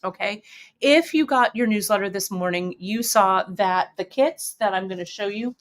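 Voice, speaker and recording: A woman hosting a craft live stream, talking loosely to her viewers with plenty of ums and uhs and self-corrections. She is a bit teary and sniffly as she goes, chatting at a middle pitch. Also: normal speed. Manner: chatty and emotional, tearing up, many fillers. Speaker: host of a bead shop live stream. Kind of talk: casual live-stream chat reading viewer comments.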